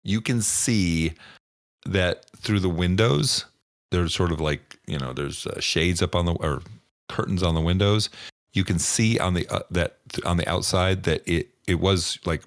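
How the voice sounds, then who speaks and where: Man, game master, very low voice, gravelly, relaxed halting narration. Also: dry recording, clean studio sound. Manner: relaxed, stumbling, often laughing mid-sentence.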